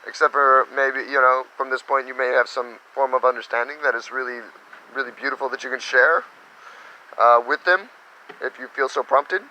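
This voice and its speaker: A man teaching meditation in a casual spiritual talk, animated and slipping into little quoted voices. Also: medium pitch, normal speed, slight background noise, low-quality recording.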